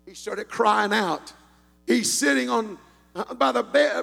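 A man preaching a sermon in a church, swinging from quiet storytelling into shouted, sing-song exhortation. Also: high voice, unhurried, gravelly, husky, big-room sound, soft background music. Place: church sanctuary.

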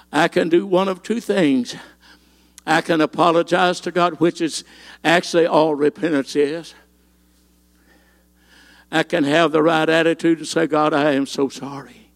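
A man's voice: on the high side, vocal fry. A man pastor, preaching a fervent sermon and stringing phrases together with rhythmic "uh" fillers.

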